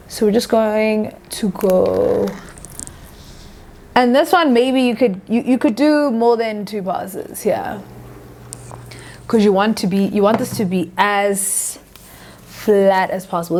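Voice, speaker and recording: A woman's voice: medium pitch, measured pace, a little mellow, a little hiss or hum. A young woman hosting a hair tutorial, talking casually and directly to her viewers. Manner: chatty, talks straight to viewers as "guys".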